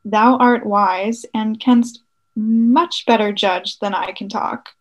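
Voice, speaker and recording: A woman's voice: on the high side, fairly even intonation, takes it slowly. A woman co-host reading old verse aloud carefully between chat.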